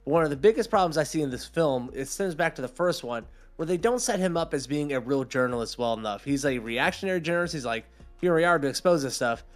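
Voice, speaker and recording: A man's voice: on the high side, quick pace, soft background music. A man co-hosting a podcast, ranting in casual chat, swearing and acting out quotes. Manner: animated, swearing, acts out quotes. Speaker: podcast co-host.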